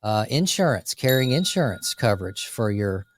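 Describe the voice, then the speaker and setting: Energetic man co-hosting a business podcast. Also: on the low side, a little hiss or hum. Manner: energetic, talks through lists with quick asides. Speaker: podcast co-host, landscape business owner. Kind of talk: casual business podcast chat.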